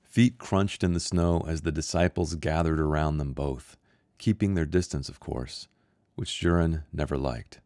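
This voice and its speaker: A man who is an author reading his own short story aloud in a measured, somber way. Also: rumbling low, darkish tone, dry recording, studio quality. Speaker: author and host.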